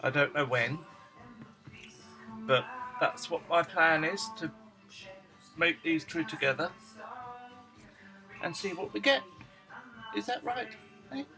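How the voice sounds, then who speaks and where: A man at home showing off his dogs, switching into high cooing baby talk whenever he speaks to them. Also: slow pace, pauses often, over music, poor audio. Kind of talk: casual home video chat.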